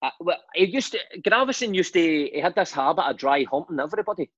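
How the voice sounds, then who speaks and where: A Scottish man in his forties, a former footballer, telling animated anecdotes on a podcast with laughs and swearing. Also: high voice, fast, slightly rough, dry recording, lo-fi sound. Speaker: guest, former footballer and manager. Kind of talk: casual storytelling chat.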